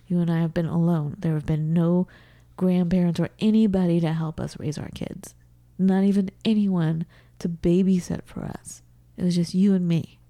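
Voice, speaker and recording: A middle-aged woman speaks earnestly and with open emotion into a studio mic, drifting into soft whispers and small laughs. Her voice is very dark and mellow, sitting somewhat low for a woman. The sound is close and dry. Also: steady tone, moderate pace, no room sound. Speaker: podcast co-host. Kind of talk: casual podcast talk, demonstrating an exercise. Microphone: studio microphone.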